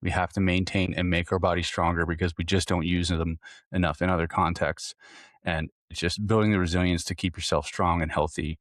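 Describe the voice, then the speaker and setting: A man with a deep, low voice hosts a casual podcast for hunters, explaining training in an earnest coaching tone. He often restarts phrases and repeats small words as he thinks aloud. The sound is close and dry, with no room echo. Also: little pitch movement, a little fast, a bit bright. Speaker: hunting fitness coach, podcast host. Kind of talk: casual solo podcast talk.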